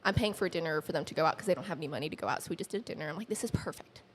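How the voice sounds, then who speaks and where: A woman guest on a podcast telling personal stories in a chatty, animated way, acting out quoted dialogue with many fillers. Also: rapid-fire, slight background noise. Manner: animated, acts out quoted dialogue with lifted pitch. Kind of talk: casual conversational storytelling.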